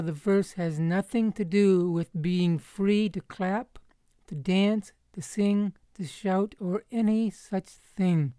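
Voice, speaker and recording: Slow, mellow-voiced woman Bible teacher. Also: lowish voice, dry recording. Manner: measured, explanatory, emphatic on quoted verses. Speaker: Bible commentator. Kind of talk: scripture commentary.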